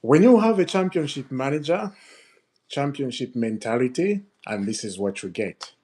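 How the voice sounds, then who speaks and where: A man hosting his own football fan channel, ranting in an upset, animated way, laughing and repeating himself. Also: mid-range voice, moderate pace. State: upset, fuming. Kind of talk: ranting video commentary.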